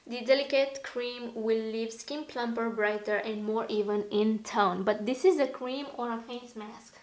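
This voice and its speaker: A woman beauty vlogger chatting casually through an unboxing, easily excited, her voice a little hoarse. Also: fairly high pitch, a little slow, reverberant, low-quality recording. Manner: chatty, easily excited, gasps and laughs often. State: slightly hoarse.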